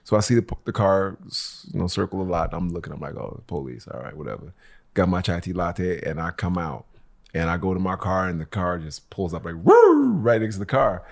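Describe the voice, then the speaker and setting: A man with a very low voice spins a story on a casual podcast. He acts out every voice in his tale, laughs as he goes, and curses freely. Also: fairly quick, gravelly. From Los Angeles local. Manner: animated storyteller who acts out quotes, swears freely. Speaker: podcast co-host.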